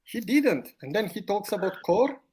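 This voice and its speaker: Brief: a man doing a high, lively put-on Aussie son, pleading, husky edge. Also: normal speed, full character voice. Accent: put-on Australian. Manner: ends lines with "mate", pleading. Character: young man doing a mock Australian son, whiny.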